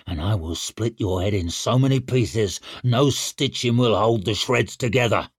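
A man voicing a grey-haired, scarred old warrior who talks gruff and threatening. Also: lowish voice, a little slow, no echo, studio quality. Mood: snarling.

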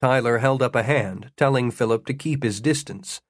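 A man reading an audiobook, telling an adventure story in a measured way with dry humor. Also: medium pitch, no room sound. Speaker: narrator. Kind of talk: audiobook narration.

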